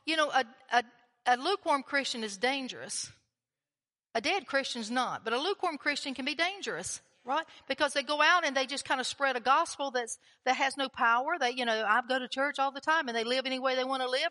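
A woman's voice: sits high, bright, forceful tone. A woman preaching a sermon in a chatty, conversational way, often putting questions to the congregation. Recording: long hall reverb.

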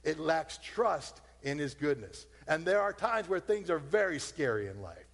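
A man's voice: on the high side, big pitch swings, normal speed, vocal fry, in a large hall. A man preaching a sermon as a pastor, talking in a loose conversational way and acting out the voices of his listeners.

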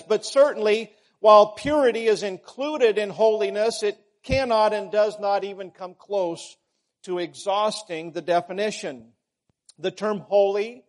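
A man delivers a sermon at an unhurried pace, his voice sitting high. He builds emphasis through repetition, lifting on key words, then dropping back to a measured teaching tone. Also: darkish tone. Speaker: preacher.

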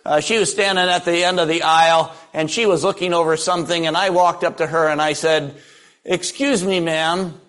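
A man's voice: a little high, steady tone, fairly quick, few pauses, a bit bright. An older man preaching a sermon, telling folksy stories with dry humor. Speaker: pastor.

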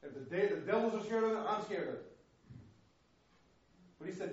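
A man's voice: high-pitched, animated, a little fast, pauses often. Fervent preacher man in an echoey room. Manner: passionate, storytelling, acts out voices, repeats words. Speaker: missionary preacher. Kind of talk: sermon. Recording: echoey room, dull lo-fi sound.

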